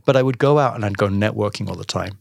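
A man telling a personal business story in a casual interview, acting out the dialogue with animated voices. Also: on the low side, fast, creaky, no echo, clean studio sound. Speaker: podcast guest, entrepreneur.

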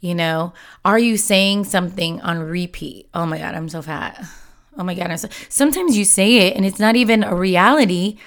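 A woman's voice: lowish voice, moderate pace. A woman giving a casual, heartfelt motivational talk, speaking candidly and using many fillers. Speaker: self-help speaker.

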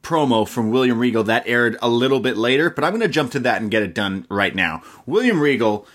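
A man talks through a recap in a loose, animated way, slipping into quoted voices and casual swearing. His pitch sits in the middle range. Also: fairly quick. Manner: animated, swears, mimics wrestlers' promos. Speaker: podcast host.

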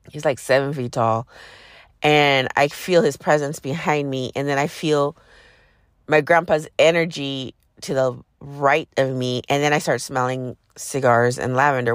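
A woman's voice: extremely low pitch, dry recording, clean studio sound. A woman hosting a podcast, casually telling a personal story in a profane, sarcastic way. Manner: profane, sarcastic, animated retelling. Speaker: podcast host.

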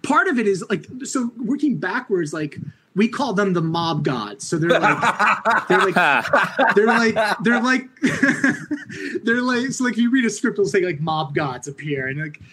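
Man, high voice, from New York, casual animated chat, frequent laughs, light background hiss. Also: measured pace, poor audio. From Orange County, New York. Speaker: comic book writer guest. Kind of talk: casual podcast conversation.

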